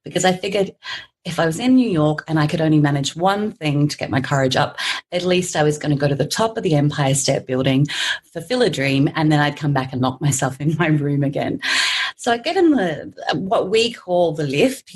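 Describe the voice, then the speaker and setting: A woman's voice: deep voice, fairly quick, slightly rough. An Australian woman in her forties, a podcast guest telling a story with frequent laughter and acted-out quotes. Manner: animated storyteller, laughs often, acts out quoted voices.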